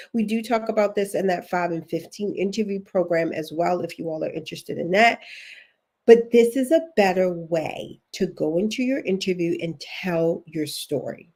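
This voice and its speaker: A chatty woman from Baltimore hosts a casual coaching livestream as a career coach, encouraging viewers and reading their comments aloud. Her voice is mid-range with a dark tone.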